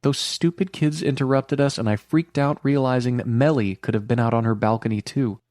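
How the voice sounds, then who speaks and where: A man's voice: mid-range voice, a little fast, a little mellow, dry recording, clean studio sound, voice pushed up, natural voice. A man reading an audiobook, voicing an assertive young woman in her twenties who talks in an eager, breathless way. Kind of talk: audiobook character voice.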